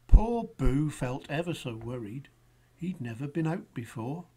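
Slow, expressive storybook reader. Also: mid-range voice, breathy edge. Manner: expressive, lingering. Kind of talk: read-aloud children's story narration.

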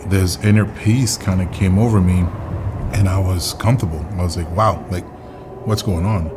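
A man's voice: low voice, fairly even intonation, moderate pace, noisy background. A young man casually telling a personal story in a documentary, full of filler words and acted-out quotes. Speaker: interviewee telling his story. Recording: music playing underneath.

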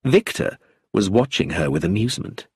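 A man narrating an audiobook in a slow, very expressive reading. His voice is low and husky, with lively, swinging pitch. The sound is dry and close. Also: no echo.

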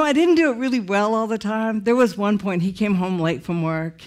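A middle-aged woman giving a testimony sermon with animated storytelling. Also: fairly low pitch. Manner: animated storytelling, laughing through the telling. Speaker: speaker sharing her testimony.

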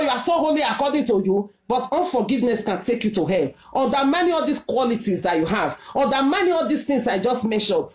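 Nigerian prophetess preaching with emphatic repetition, high swooping voice, echoey room. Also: female voice. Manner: emphatic, repetitive exhortation in Pidgin-laced English. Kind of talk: sermon with testimony.

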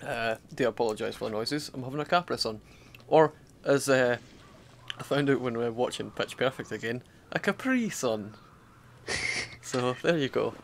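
Young Scottish guy, relaxed let's-play co-host, mid pitch. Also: normal speed, creaky, a little hiss or hum. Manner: laid-back, joking asides while playing. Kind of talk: casual gaming chat.

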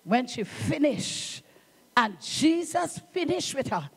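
A woman's voice: sits high, very animated, slow, vocal fry. Fervent Trinidadian woman pastor preaching. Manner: fervent, emphatic preaching with call-outs and bursts of shouting. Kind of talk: sermon.

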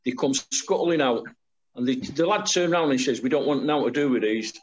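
A middle-aged man who served in the army recounts war stories on a video call, speaking fairly quickly in a mid-range voice. His storytelling is plain and shaped by dialect grammar, while the sound lacks its upper frequencies.

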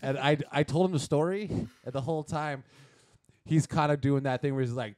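A man's voice: mid-range voice, moderate pace, a little mellow, dry recording, studio quality. A man in his thirties on a podcast, telling a crude story in casual chat and acting out the other people in it. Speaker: podcast co-host.

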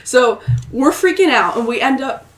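A woman's voice: high voice, animated, moderate pace, far from the mic, a little hiss or hum. A young woman in her twenties, a guest on a podcast, telling a story in a bubbly, giggly way full of "like" and "oh my God". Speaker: guest singer-songwriter. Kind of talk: casual storytelling in an interview. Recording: roomy echo.

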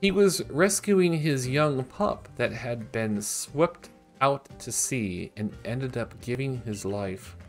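A man voicing a dignified, calm female clan leader from a game, reading her lines in a slow, measured way. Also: medium pitch, soft background music. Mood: stately. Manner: slow, measured, stately delivery.

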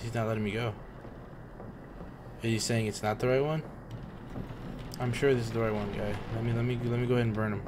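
A young man casually commenting while he plays a horror game, excitable and talking to the screen in slang, often swearing. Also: medium pitch, brisk, long pauses, noisy background. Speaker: gaming streamer.

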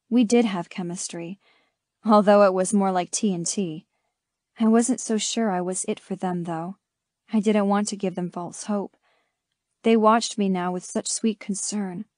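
A woman narrating a first-person romance audiobook in an intimate, measured reading. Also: mid-range voice, darkish tone, no room sound, studio quality.

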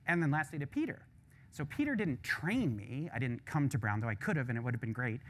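A man, a full professor, closing a lecture with candid, animated stories and casual asides. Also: medium pitch, brisk. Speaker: visiting professor giving a lecture.

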